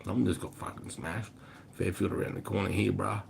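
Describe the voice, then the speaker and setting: A man's voice: deep voice, steady tone, fairly quick, vocal fry, a little hiss or hum. An Australian man in his forties chatting casually on a livestream, answering viewers in a loose, profane way full of "mate" and "bro". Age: 40s. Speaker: livestream host.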